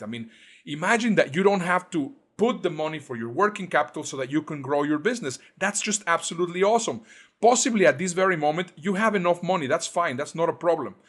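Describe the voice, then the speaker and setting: A man's voice: medium pitch, a bit bright. A man giving an online business presentation as a coach, earnest and repetitive, with many fillers and restarts.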